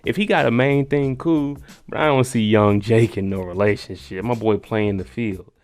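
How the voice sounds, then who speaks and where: A man's voice: lowish voice, moderate pace, a little mellow. A man giving a casual, joking recap of a TV episode, talking slangy and aside to the viewer. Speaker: TV recap host.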